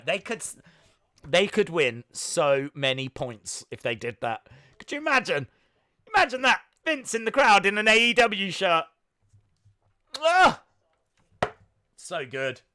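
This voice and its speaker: A young British man chatting excitedly as he live-streams his reactions to a show. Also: high-pitched. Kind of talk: live watch-along commentary.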